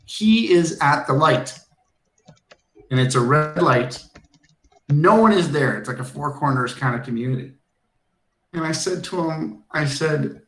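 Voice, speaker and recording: A man's voice: mid-range voice, lively intonation, moderate pace, a bit bright, echoey room, low-quality recording. A male teacher giving a classroom lesson, telling a personal story in a chatty way with frequent ums.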